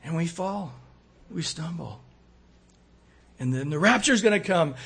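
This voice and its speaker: Husky-voiced man preaching. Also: a little high, measured pace. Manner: animated preaching, acts out quoted voices, swings loud and soft. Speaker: pastor. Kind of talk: sermon.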